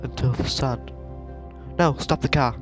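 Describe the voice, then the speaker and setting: A man's voice: medium pitch, a little slow, pitched above the performer's own voice, lightly acted. A man voicing a distressed young woman cab passenger, speaking breathlessly and pleading in a raised voice. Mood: frantic. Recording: game music playing behind.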